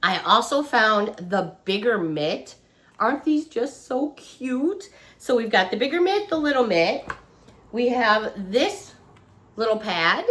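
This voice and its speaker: Her voice is medium-pitched, sing-song and a bit bright, and she's in no hurry. A woman on her living room couch chats about a shopping haul, gushing and chatty, as she recovers from feeling under the weather.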